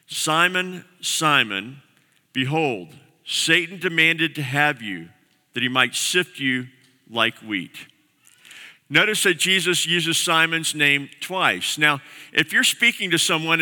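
A man's voice: on the high side, bright, forceful tone. A male pastor preaching a sermon, explaining scripture in a conversational, storytelling way in a church sanctuary. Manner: conversational teaching with vivid explanations. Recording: long hall reverb.

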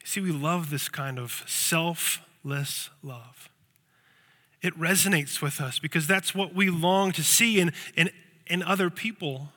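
Male pastor, sermon, storytelling, repeats words, high voice, echoey church hall. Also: pushed and bright.

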